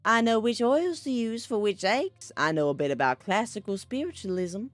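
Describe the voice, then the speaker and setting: A woman voicing a polite, soft-spoken older mother with a put-on Southern accent while reading a game aloud. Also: a little high, animated, normal speed, no echo, natural voice. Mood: genteel. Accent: put-on American Southern. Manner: polite, gently concerned, lilting. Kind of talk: reading a visual novel aloud, doing voices.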